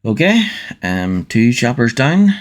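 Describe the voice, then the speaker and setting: A man's voice: medium pitch, big pitch swings, slow pace. A man reading a novel aloud on a livestream and chatting with viewers, hesitant with many fillers and restarts. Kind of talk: audiobook-style reading and casual chat.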